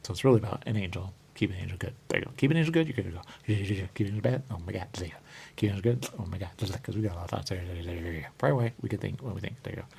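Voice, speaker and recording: A deep, gravelly male voice drifts through a loose, circling monologue, with a faint hiss of noise behind it. He repeats the same phrases over and over and slips into sing-song murmurs between thoughts. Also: rapid-fire, a little mellow. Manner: rambling and repetitive, keeps saying "there you go". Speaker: radio show host. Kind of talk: rambling spoken monologue.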